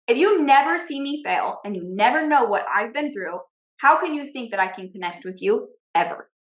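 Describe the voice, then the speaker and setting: Woman coach, fairly high voice, energetic storytelling lesson, roomy echo. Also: moderate pace. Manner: energetic, checks in with "okay?" and "right?". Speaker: business coach and podcast host. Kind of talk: teaching with personal storytelling.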